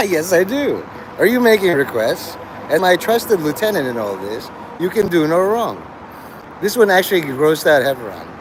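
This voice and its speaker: A man's voice: fairly high pitch, sing-song, normal speed, noisy background. A man hosting a livestream, talking to his chat in a crude, rambling way and laughing at his own jokes. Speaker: livestream host.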